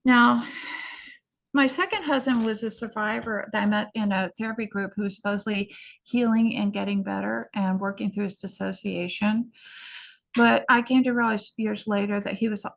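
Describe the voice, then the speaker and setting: Middle-aged woman, podcast guest. Earnest, hurried personal testimony, mid pitch, gravelly fry. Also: steady tone. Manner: earnest, hurried recounting with frequent restarts. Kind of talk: personal storytelling in an interview.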